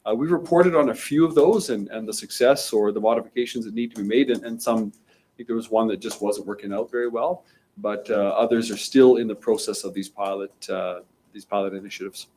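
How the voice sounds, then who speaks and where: A man speaking as mayor at a press conference, measured and often restarting his phrases. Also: lowish voice, a little mellow, poor audio. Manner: measured, restarts and repeats words.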